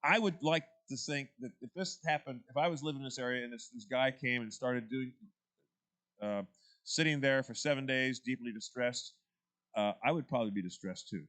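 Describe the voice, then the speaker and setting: A man's voice: mid-range voice, a little fast, fairly bright tone. A man leading a church Bible study class, talking through the text in a conversational way and putting questions to the group.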